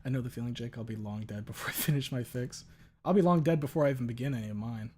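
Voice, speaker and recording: A man's voice: medium pitch, fast talker, darkish tone. A male streamer chatting casually at the end of a stream. He jokes, curses freely and reads out messages from viewers. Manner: joking, profane, reads chat aloud. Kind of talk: casual livestream chat.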